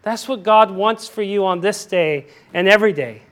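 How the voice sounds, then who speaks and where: Male preacher, high-pitched, animated and emphatic sermon delivery with frequent restarts. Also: moderate pace. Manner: animated, emphatic, repeats himself with "I mean". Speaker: pastor.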